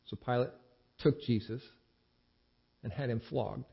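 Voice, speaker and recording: A man giving a dramatic scripture reading, expressive, with the quoted speech acted out. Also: medium pitch, unhurried, creaky. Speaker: scripture reader. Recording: dull lo-fi recording.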